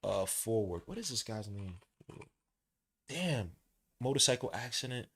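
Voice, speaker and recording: A man hosting a live watch-along podcast, giving casual play-by-play in a relaxed, slangy way and jumping from hushed commentary to loud excited outbursts. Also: on the low side, measured pace, husky. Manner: casual slang, talks to the listener like a friend. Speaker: podcast host calling a game.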